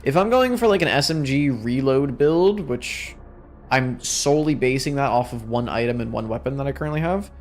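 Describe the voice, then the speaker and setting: A man's voice: medium pitch, lively intonation, normal speed. Tired rambling young man streaming a game. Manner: tired, rambling, self-deprecating. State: exhausted. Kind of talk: casual gameplay commentary.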